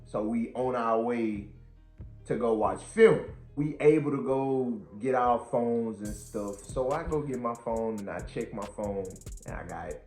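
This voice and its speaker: A young man, a college football player, telling his side of a story in a relaxed, casual way. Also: medium pitch, a little slow, faint music behind. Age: young adult. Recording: roomy echo, faint background beats.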